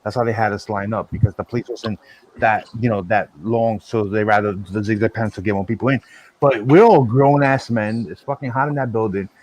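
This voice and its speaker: A man hosting a casual podcast, telling stories in an animated, profane way with lots of fillers. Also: fairly low pitch, fairly quick, no echo. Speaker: podcast host. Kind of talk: casual storytelling chat.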